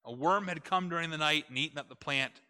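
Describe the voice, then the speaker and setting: A man preaching a conversational sermon, retelling a story with animated delivery and asking his listeners rhetorical questions. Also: fairly high pitch, quick pace.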